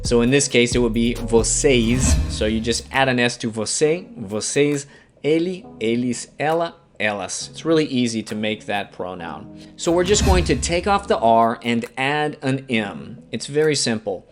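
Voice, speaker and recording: Southern American man teaching slowly. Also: mid-range voice, expressive. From Alabama, US South. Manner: patient, spells out words and repeats examples slowly. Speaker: language teacher. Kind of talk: scripted beginner grammar lesson. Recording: faint guitar music underneath.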